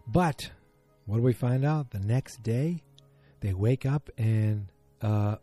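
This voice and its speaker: A man's voice: medium pitch, slow pace, dark tone, soft background music. A man giving a chatty, opinionated recap of a TV episode, full of fillers and asides.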